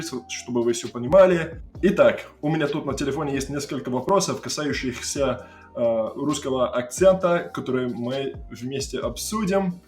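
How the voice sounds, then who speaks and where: An American man hosting a relaxed conversation, laughing often as he talks. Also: mid-range voice, echoey room. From USA. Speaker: host. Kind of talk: casual chat.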